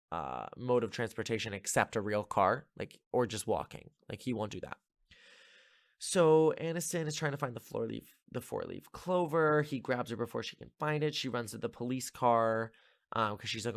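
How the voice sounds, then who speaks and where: This is a man at a middle pitch hosting a podcast, talking through a film's plot in a loose, meandering way. He leans on fillers and drops sarcastic little jabs as he goes. The sound is close and dry. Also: no echo. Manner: rambling, filler-heavy, sarcastic asides. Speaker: podcast host. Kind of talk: casual film recap.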